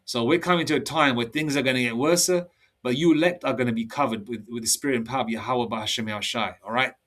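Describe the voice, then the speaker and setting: A man, giving a heated sermon-style monologue. He talks forcefully, repeats himself and keeps checking in with "all right?". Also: medium pitch, fast talker. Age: 50s. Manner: forceful, repetitive, ends phrases with "all right?". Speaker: preacher. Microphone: laptop mic. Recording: distant laptop mic.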